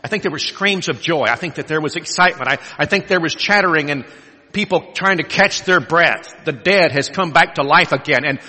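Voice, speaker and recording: A man preaches a sermon told as a story. He moves between hushed passages and emphatic peaks. His voice is bright, forceful and slightly higher than most men's, with a long hall reverb behind it. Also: fairly quick.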